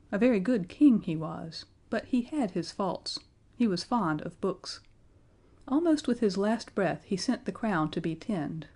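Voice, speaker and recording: A solemn old prime minister, grave and slow, explaining matters to a boy king in a storybook, as a woman puts him on. His delivery stays measured and mellow. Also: medium pitch.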